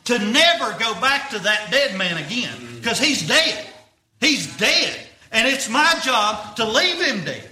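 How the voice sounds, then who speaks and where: A man's voice: very high-pitched, big pitch swings, slow, bright, forceful tone, echoey room. A young man preaching earnestly, repeating himself and using folksy grammar. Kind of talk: sermon.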